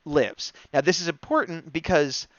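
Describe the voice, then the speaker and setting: A man co-hosting a fan discussion show, excitedly rambling through an episode recap and acting out quoted lines. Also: on the high side, normal speed, no room sound. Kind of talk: casual recap chat, livestream. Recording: dull, dry, lo-fi stream mic.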